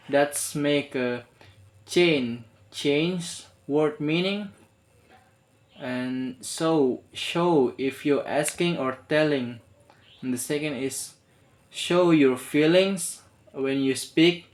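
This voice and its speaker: Young male student, very slow, halting delivery, spoken homework. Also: a little high. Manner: halting, many restarts and fillers. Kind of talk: spoken assignment answer.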